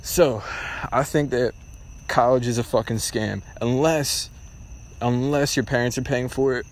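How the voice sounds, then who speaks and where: A man's voice: medium pitch, fairly even intonation, unhurried. A young man hosting a casual solo podcast, talking bluntly and ramblingly with lots of swearing. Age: young adult. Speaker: podcast host.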